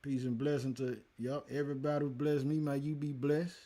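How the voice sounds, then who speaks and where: A man's voice: mid-range voice, level tone, a little fast, mellow. Laid-back man hosting a scripture livestream. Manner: laid-back, talks to the chat, calls listeners man and y'all. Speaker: livestream host teaching scripture. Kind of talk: casual livestream talk and scripture teaching.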